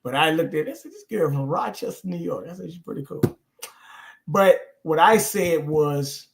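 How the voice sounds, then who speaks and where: A man hosts a casual livestream talk in a somewhat high voice. He tells stories loosely and animatedly, cussing and laughing along the way. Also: measured pace, creaky, a little hiss or hum. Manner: animated storytelling, swearing, laughing. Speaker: show host. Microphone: streaming call.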